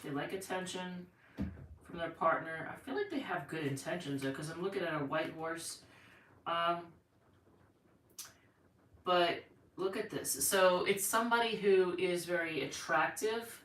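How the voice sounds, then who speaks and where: A tarot reader chats and rambles on a home live stream, musing aloud as she reads, at an unhurried pace with many pauses. Her voice is on the low side and a bit bright, picked up off-mic and distant in an echoey room with faint noise.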